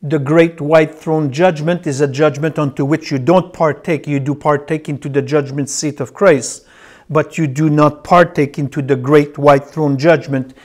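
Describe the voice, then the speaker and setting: A man's voice: a little high, fairly even intonation, moderate pace. A man teaching a Bible class, who repeats key phrases and tells his students which words to circle as he reads.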